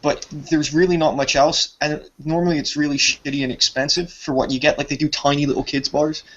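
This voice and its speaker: A man's voice: on the high side, flat delivery, brisk, a bit bright. Brief: male caller, joking, swearing freely, loose rambling delivery, dull lo-fi line. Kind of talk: crude casual banter.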